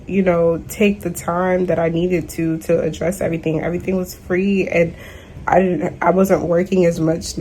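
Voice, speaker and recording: A young woman vents into her camera at home, stressed and worn out. Her voice sits fairly low, and her talk is exasperated and full of slang. Faint room ambience hums behind her. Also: mellow, slight background noise, low-quality recording. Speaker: vlogger. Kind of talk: casual video diary.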